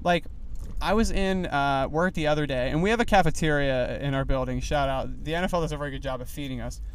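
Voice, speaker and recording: A young man hosting a solo podcast while driving, rambling in a loose, animated way with lots of fillers. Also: fairly high pitch, fast talker, slight background noise. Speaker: podcast host. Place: inside a car.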